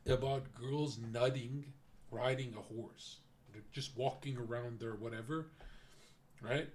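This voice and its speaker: A male streamer ranting bluntly to his chat with a noticeable lisp. His pitch sits in an ordinary middle range. He rambles in a casual, profane, off-the-cuff way. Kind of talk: casual reaction-stream commentary.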